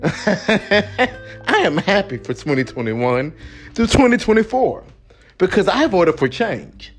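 Emphatic American man with lively, high pitch. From United States. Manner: emphatic, repetitive. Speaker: podcast host. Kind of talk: motivational monologue.

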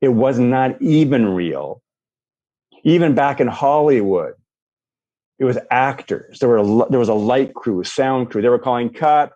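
Animated man with a mellow, dark voice. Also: medium pitch, a little slow, highs cut off. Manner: animated, acts out quoted reactions. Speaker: life coach. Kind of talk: guided visualization and coaching talk.

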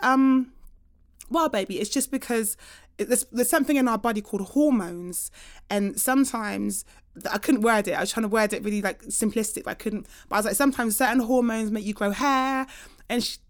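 A young woman from hosting a podcast and chatting casually, telling lively stories and acting out voices with laughter. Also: a little high, fairly quick. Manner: animated storytelling, acts out voices with laughter. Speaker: podcast host. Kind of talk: casual chat.

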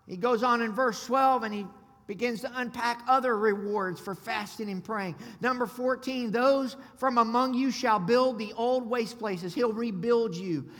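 Man, sermon, lively storytelling, echoing sanctuary. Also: extremely high pitch, a little slow. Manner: excitable, storytelling, loud shouted peaks. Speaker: pastor. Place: church sanctuary. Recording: long hall reverb.

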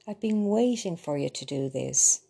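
Woman reading older mother, homely, proud, storybook, creaky. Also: deep voice, animated, normal speed, warm tone, full character voice. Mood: motherly.

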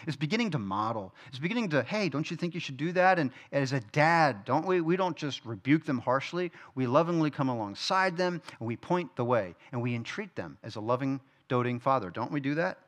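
A man's voice: on the high side, a bit bright. A middle-aged man teaching a Bible study from a church stage, conversational, asking the room questions and answering them himself. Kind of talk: sermon.

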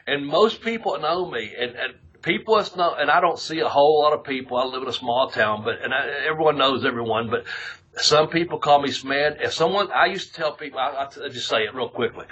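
A man's voice: medium pitch, fairly quick, pushed and bright, breathy edge, muffled recording. A man co-hosting a podcast in casual chat, rambling and profane, laughing often. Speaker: podcast co-host.

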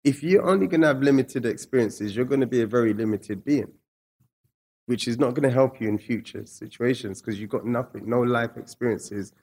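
A man from England, a guest speaking casually and reflectively about his past, slangy and lively when retelling stories. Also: mid-range voice, fairly quick, breathy edge. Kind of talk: casual storytelling interview.

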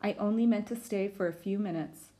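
A woman's voice: brisk, mellow, natural voice. A woman voicing a young girl who is earnest and distressed, reading a storybook aloud. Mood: pleading. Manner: pleading, urgent, high and breathless.

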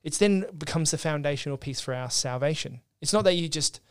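A man co-hosting a podcast, talking through theology in an earnest, explanatory way. His voice sits a little high and comes across smooth and clear, with frequent restarts as he works out his points. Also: a little fast. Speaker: podcast co-host. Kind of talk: casual theological discussion.

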